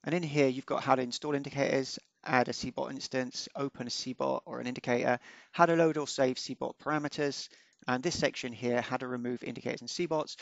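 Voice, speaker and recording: Male tutorial presenter, relaxed unscripted delivery, raspy edge, dry close voice-over. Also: mid-range voice, a little fast, no echo, lo-fi sound. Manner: relaxed, unscripted, with frequent ums and small self-corrections. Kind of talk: screen-recorded software walkthrough.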